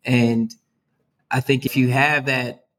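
A man's voice: mid-range voice, little pitch movement, takes it slowly, fairly bright tone. A man talking earnestly as a guest in an interview about his youth work. He is upbeat and peppers his talk with "man" and "right?". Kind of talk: conversational interview.

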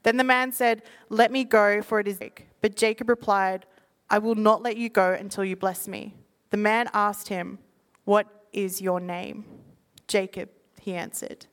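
A woman preaching to a live audience, reading scripture quickly and then explaining it in lively, casual talk. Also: mid-range voice. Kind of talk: sermon.

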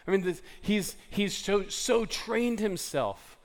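Guy preaching to a church crowd, kinda high voice, chatty and loose, lots of um and like. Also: expressive, slow. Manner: conversational, storytelling with filler words and restarts. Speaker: pastor. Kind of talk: sermon.

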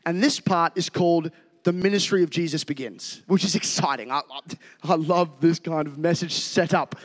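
A man preaching a sermon as a pastor, conversational and energetic, rising into shouts when fired up. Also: sits high. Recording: reverberant hall.

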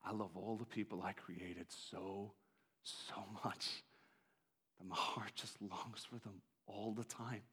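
A man voicing God as a tender, grieving father who speaks softly and gently. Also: low-pitched, fairly even intonation, voice pushed down. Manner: soft, slow and gentle.

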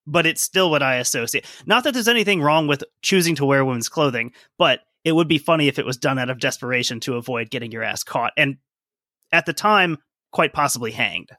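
Bright-voiced man cracking jokes. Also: mid-range voice, lively intonation, brisk, dry recording, studio quality. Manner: joking, chatty asides. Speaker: podcast co-host. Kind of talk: casual podcast chat.

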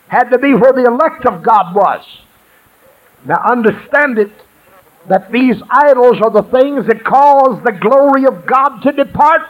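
High-voiced exuberant preacher man. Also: muffled recording. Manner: exuberant call-and-response preaching, shouts and laughs. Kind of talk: sermon. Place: church sanctuary.

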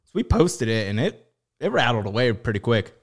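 A man with a mid-range voice co-hosting a podcast. His talk is relaxed and joking, and he moves from one topic to the next without fuss. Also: medium pitch, brisk. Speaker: podcast co-host. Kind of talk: casual podcast chat.

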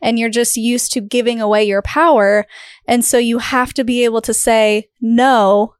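A woman's voice: on the high side, steady tone, normal speed, clean tone, no room sound, clean studio sound. A woman hosting an interview, speaking in an affirming, reflective way. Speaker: interviewer host. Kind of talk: supportive interview chat.

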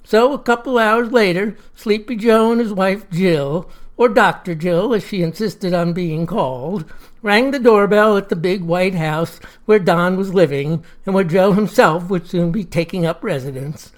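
A woman spins a fireside tale in a folksy, chatty way. Her voice sits at a middling pitch. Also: a little slow. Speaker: storyteller.

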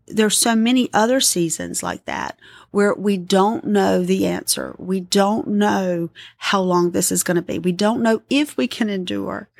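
A middle-aged woman hosting a podcast, giving an earnest, gently pleading devotional talk of encouragement. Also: medium pitch, gravelly, breathy edge, no room sound. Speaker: podcast host.

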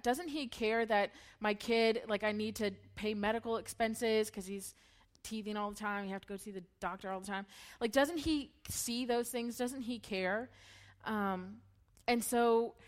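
A woman's voice: medium pitch, a bit bright. A woman in her thirties gives a candid, emotional personal testimony at a church gathering and laughs often as she talks. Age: 30s. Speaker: church speaker.

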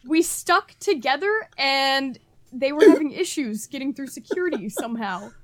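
A young woman with a high voice tells a rambling story on a casual podcast. She is animated, laughs often and acts out what her family said. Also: normal speed, crowd noise. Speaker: podcast co-host.

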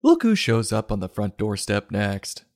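A man hosting a sarcastic comedy book review, mocking the story and breaking into loud silly voices. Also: fairly low pitch, wildly swooping pitch, measured pace, no room sound, clean studio sound. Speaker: podcast host.

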